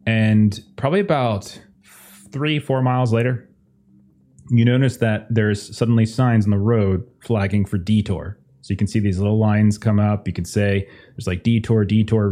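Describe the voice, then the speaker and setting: A man's voice: lowish voice, steady tone, moderate pace, mellow. A man narrating as game master of a tabletop game, describing scenes loosely with many restarts and fillers.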